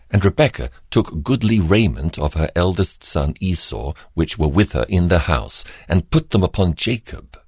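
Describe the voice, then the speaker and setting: A man reading scripture aloud in a measured, formal cadence. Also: low-pitched, husky, no room sound, clean studio sound. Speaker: scripture reader.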